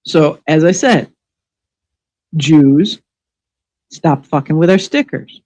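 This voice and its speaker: A woman hosts a live online show and rants in anger, swearing freely and firing off sarcastic rhetorical questions. Her voice is dark and mellow even at its most heated. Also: sits low, slow, poor audio. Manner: angry, profane, sarcastic. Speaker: livestream show host. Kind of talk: ranting live commentary.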